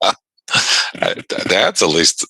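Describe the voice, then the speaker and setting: A man's voice: slow, bright, forceful tone, no room sound, rough recording. A man from New York hosting a live trading stream, joking with viewers and laughing often between remarks on the markets. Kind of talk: casual livestream chat about trading.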